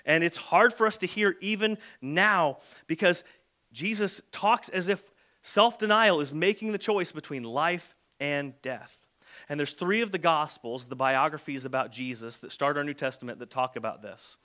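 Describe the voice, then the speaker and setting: Casting: male pastor, slightly high voice with a bright edge, chatty sermon delivery. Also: moderate pace. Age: adult with a son. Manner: conversational preaching, acts out quoted lines.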